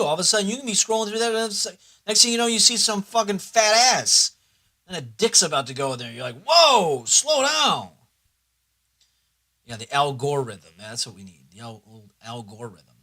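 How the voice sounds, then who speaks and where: A man's voice: on the high side, pushed and bright. A young man chatting casually on a livestream, rambling and swearing, sometimes talking himself through his computer setup. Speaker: streamer.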